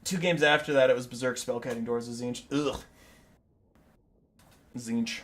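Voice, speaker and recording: A man casting a strategy game battle, telling the story in an animated, jokey way with quick asides. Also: medium pitch. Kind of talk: casual game commentary and storytelling.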